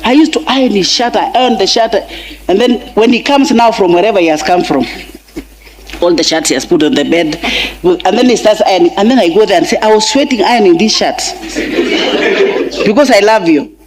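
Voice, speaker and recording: There's a little hiss or hum behind a middle-aged Kenyan woman's mid-range, darkish voice as she gives an emotional eulogy for her husband at a large funeral. She speaks with a Kenyan accent and mixes in Swahili phrases.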